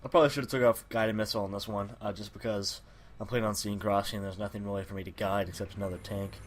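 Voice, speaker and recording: Guy w a cold doing game commentary, bit raspy, lots of ums, low voice. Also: fairly even intonation, fast. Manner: rambling, many fillers and self-corrections. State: has a cold, slightly raspy. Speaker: gameplay commentator. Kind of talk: casual gameplay commentary. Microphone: personal microphone.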